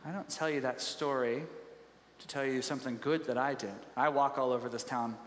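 A man's voice: mid-range voice, fairly even intonation, brisk, a little hiss or hum. A man preaching a sermon, telling stories in a conversational way with frequent restarts. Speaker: pastor. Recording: echoey church hall reverb.

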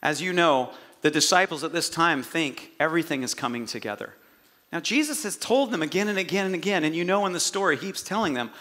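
A male pastor preaching, his voice a little high and bright. He tells the story with animated energy and drops in jokey asides along the way. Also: fast talker. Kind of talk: sermon.

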